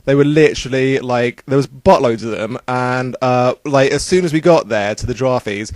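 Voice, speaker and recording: A man's voice: mid-range voice, moderate pace, darkish tone, no echo. Rambling, upbeat young man vlogging. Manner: rambling, upbeat, lots of fillers. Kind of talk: casual travel vlog.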